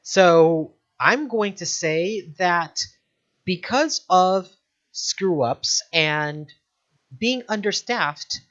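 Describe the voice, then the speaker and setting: Animated woman game master. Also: mid-range voice, highs cut off. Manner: easygoing, laughs at the material, asks players questions. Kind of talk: narrating a tabletop game.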